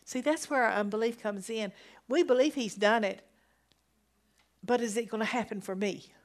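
A woman teaching from the Bible in a sermon style, reading verses slowly and emphatically. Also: medium pitch. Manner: slow, emphatic scripture reading with rising exclamations.

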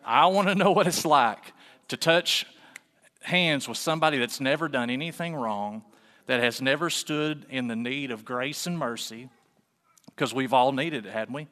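A man preaching a sermon in a relaxed, folksy way, full of rhetorical questions, in a church sanctuary. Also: mid-range voice, moderate pace, big-room sound. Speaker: pastor.

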